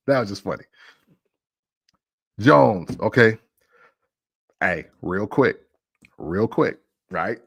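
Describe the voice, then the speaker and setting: A man's voice: sits low, fairly bright tone. A man hosting a casual music talk show, arguing playfully and laughing often.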